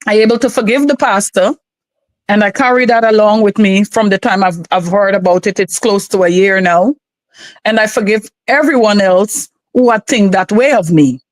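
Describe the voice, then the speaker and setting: A woman's voice: mid-range voice, moderate pace, dry recording, poor audio. A woman from Guyana with a Guyanese accent, a podcast guest giving an earnest, emotional personal testimony that circles back on itself.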